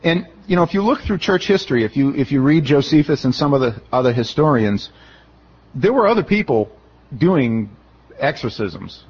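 This is a middle-aged man preaching an expository sermon, chatty and lively, slipping into the voices of those he quotes. He speaks at a moderate pace in a mid-range voice with a breathy edge, recorded with dull audio.

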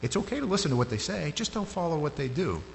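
A man preaching a sermon in a loose, conversational way. His voice jumps up sharply when he gets animated. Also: fairly high pitch, fast, vocal fry. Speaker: pastor. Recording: hall reverb with faint hum.

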